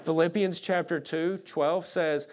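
Man, pastor, casual sermon, blunt, slightly high voice. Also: fairly even intonation, measured pace. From Arkansas. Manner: casual, blunt, frequent "like" fillers. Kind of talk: conversational sermon.

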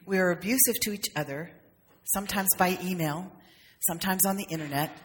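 A woman's voice: fairly low pitch, brisk, a little hiss or hum. A woman minister giving a conversational, humorous sermon, with playful acted asides. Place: church sanctuary. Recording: long reverb of a sanctuary.

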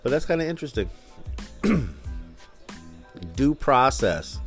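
A man's voice: mid-range voice, sing-song, slow, soft background music. A man from Minnesota hosting a casual solo podcast, talking in a loose, profane, rambling way. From Minnesota, US Midwest. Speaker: podcast host.

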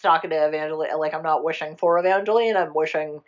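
A woman in casual chat, retelling a film plot in a rambling, animated way, jumping into quick character voices and swearing freely. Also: deep voice, muffled recording. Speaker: podcast co-host retelling a film.

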